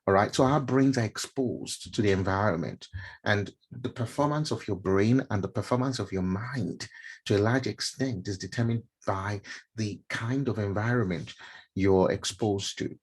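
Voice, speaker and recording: A man's voice: on the low side, moderate pace, husky. A middle-aged man from Nigeria giving a casual mentorship talk, chatty and full of fillers and repeated words. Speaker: mentorship speaker. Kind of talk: casual talk to a live stream audience.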